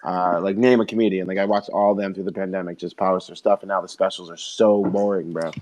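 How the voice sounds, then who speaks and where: A man's voice: low-pitched, quick pace. A man from New York, a stand-up comedian hosting a podcast, telling rambling, profane stories in casual chat. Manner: excitable, rambling, profane storytelling.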